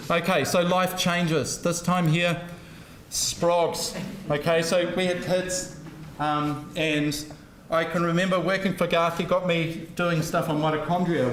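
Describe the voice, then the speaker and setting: A man's voice: fairly high pitch, a little hiss or hum. A middle-aged man giving a humorous, anecdotal university lecture, self-deprecating and full of jokes. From New Zealand. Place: lecture hall. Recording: roomy lecture hall sound.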